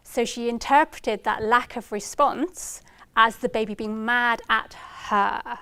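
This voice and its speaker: A woman's voice: fairly high pitch, unhurried, a bit bright, clear, resonant tone, no echo. A woman giving a research talk to practitioners, explaining with examples and acting out parents' words. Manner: explanatory, gives examples and acts out parents' lines in a lifted voice. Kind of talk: lecture to practitioners.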